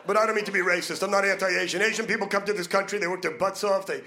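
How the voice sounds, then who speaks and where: A male stand-up comedian with a brash, fast-talking manner, needling the crowd from a comedy club stage during a live set. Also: sits high, steady tone, sharp tone. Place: comedy club stage before a laughing audience. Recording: noisy live club recording.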